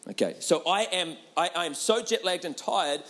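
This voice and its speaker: A man's voice: high-pitched, moderate pace, a bit bright. A man preaching a humorous sermon, telling a personal story with laughter and a repeated rhetorical question.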